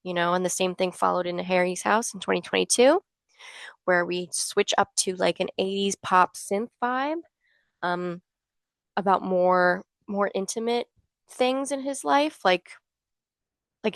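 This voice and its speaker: A woman's voice: medium pitch, a little slow, dry recording. A young woman vlogging casually as a fan, chatty and gushing with many fillers. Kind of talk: casual fan talk to camera.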